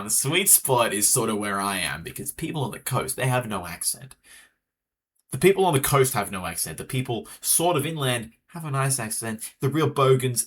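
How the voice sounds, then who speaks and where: A man's voice: medium pitch, animated, brisk, a bit bright. An Australian man chatting casually with viewers while streaming a game, rambling as he talks. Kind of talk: casual live gameplay chat.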